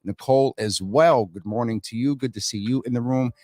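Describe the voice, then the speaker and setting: A man's voice: mid-range voice, a little fast, a little mellow, no echo, studio quality. A man hosting a casual morning livestream, chatting and greeting viewers by name as they join. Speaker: livestream host.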